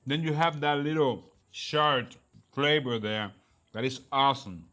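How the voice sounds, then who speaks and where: This cooking show host is a man with a mid-range, slightly slow voice and a sharp tone. Hosting a casual cooking and tasting video, he exclaims enthusiastically over the flavors in loose, non-standard grammar.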